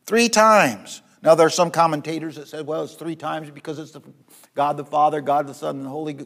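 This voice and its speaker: A man preaching a sermon, rising to loud, high repetitions and dropping to soft, low passages, often restarting his phrases. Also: steady tone, fairly quick, vocal fry. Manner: repeats words and restarts phrases.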